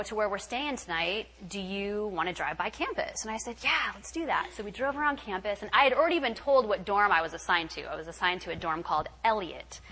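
Bright-voiced woman sharing a testimony. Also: a little high, rough recording. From California. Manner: candid, animated storytelling with filler words. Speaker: retreat speaker. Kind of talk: personal testimony talk. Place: retreat meeting hall.

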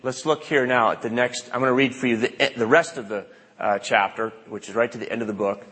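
Husky-voiced pastor in an echoing hall. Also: male voice, mid-range voice, steady tone, a little fast, fairly bright tone. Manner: conversational storytelling with acted-out quotes. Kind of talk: sermon. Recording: long reverb of a large hall.

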